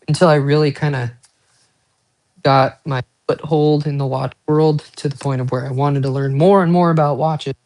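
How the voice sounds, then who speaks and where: A man's voice: on the high side, darkish tone. A man who collects watches, talking casually on a live stream in a rambling, profane, self-mocking way, with chatty asides to viewers.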